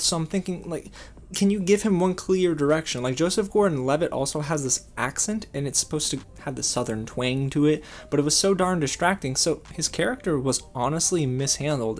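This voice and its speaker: Animated man reviewing a film. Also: a little high. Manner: animated, emphatic, addresses viewers as guys. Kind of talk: casual video review.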